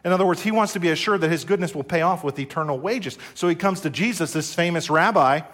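A man's voice: on the high side, fairly bright tone. A middle-aged man from the United States preaching a sermon as pastor, earnest, leading the congregation in call-and-response.

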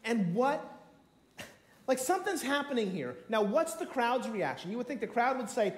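A man preaching a sermon to a congregation, animated and acting out the story with quoted voices. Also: very high voice, normal speed. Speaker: pastor. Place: room with a congregation. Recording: echoey room.

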